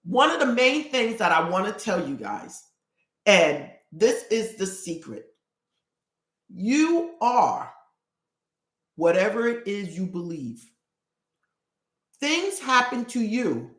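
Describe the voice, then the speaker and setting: A woman coaching her live stream viewers through a spiritual ritual, earnest and quick, repeating phrases as she goes. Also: medium pitch, big pitch swings. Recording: roomy echo.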